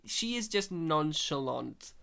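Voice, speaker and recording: Jokey male host with a fairly high voice, animated delivery, prone to high mocking asides. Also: slow pace, gravelly. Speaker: podcast host leading a movie commentary. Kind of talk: casual movie commentary chat.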